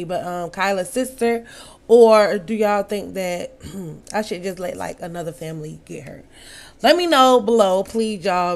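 A woman's voice: medium pitch, fairly bright tone. A young woman giving casual, chatty commentary on her life-sim playthrough, laughing often and scolding her characters. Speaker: let's play host.

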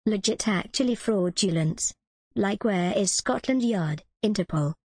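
A woman's text-to-speech voice reading out viewer messages in a flat, even way. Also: mid-range voice, measured pace, slightly rough, no echo. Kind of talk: synthetic reading of chat donations.

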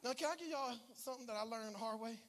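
A man preaching a sermon as pastor, telling a story with animated swings between shouting and hushed asides. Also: extremely high pitch, quick pace. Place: church sanctuary.

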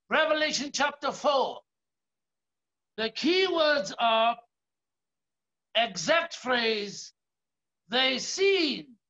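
A man's voice: very high-pitched, sharp tone. A South African man preaching a sermon as pastor, emphatic, often raising his voice and drawing out key words. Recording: dull lo-fi sermon recording.

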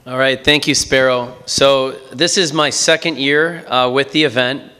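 A man from Wisconsin presents at a community town hall. His voice is bright and clear, and he talks in a friendly, conversational way about managing a race event. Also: mid-range voice, fairly even intonation, a little slow. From Green Bay, Wisconsin.

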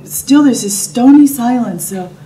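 A middle-aged woman telling a personal story in an animated way, sometimes dropping to soft whispers. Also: fairly high pitch, measured pace. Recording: distant mic with noisy background.

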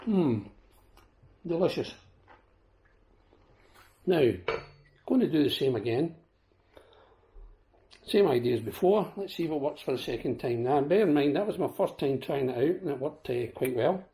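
A man's voice: fairly high pitch, expressive, normal speed, long pauses, dark tone. A Scottish man with a sore throat giving a casual, chatty product demo and talking to viewers as folks. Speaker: vlogger.

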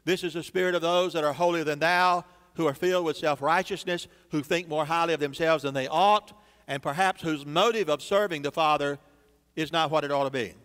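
A man's voice: a little high, steady tone, a little fast, a bit bright, clean tone. A man preaching a sermon as pastor, building emphasis through dramatic repetition in a church sanctuary. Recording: long church reverb.

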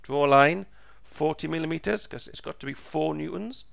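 A man teaching a step-by-step physics lesson, slow and patient, repeating each step, his voice croaky and going hoarse. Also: fairly high pitch, fairly bright tone, no room sound. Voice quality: gravelly, croaky.

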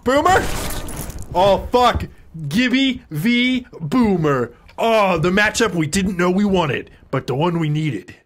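A man commentating his own gameplay live, swearing a lot and jumping between low grumbles and excited yells. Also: slow. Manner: excitable, swings from low mutters to yelling; heavy swearing, playful trash talk. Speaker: game streamer.

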